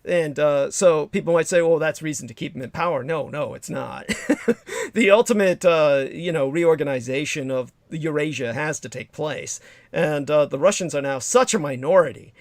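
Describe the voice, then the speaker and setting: A man's voice: a little high, moderate pace, no room sound. A man hosting a livestream, talking in a long digressive political monologue with emphatic, profane asides. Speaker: livestream host.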